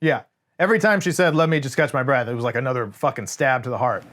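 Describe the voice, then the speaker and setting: A man with a mid-range voice talks at a quick pace while co-hosting a casual movie review. He's animated and swears often, and he performs scenes in voices.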